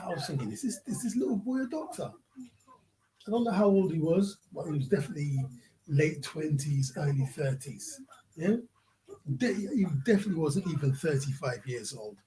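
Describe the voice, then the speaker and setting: A man's voice: fairly high pitch, dark tone, a little hiss or hum, low-quality recording. A man ranting in a vlog, profane and prodding the listener with repeated questions. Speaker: vlogger. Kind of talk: ranting commentary.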